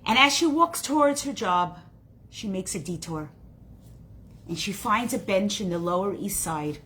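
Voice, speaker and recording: Bright-voiced woman teacher telling a story. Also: lowish voice, a little hiss or hum. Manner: dramatic, expressive. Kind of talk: storytelling lesson.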